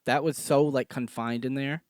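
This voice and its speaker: A young man co-hosting a podcast, joking and laughing often in relaxed casual banter. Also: mid-range voice, normal speed, clean tone, no echo, studio quality. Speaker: podcast co-host, regular comedian. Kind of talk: casual chat.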